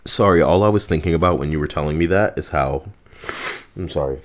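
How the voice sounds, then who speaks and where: A man's voice: very deep voice, a little fast. A man with a stuffed-up nose, joking through casual comedic chat as co-host reading posts. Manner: jokey, stuffed-up nose, bursts into goofy put-on voices.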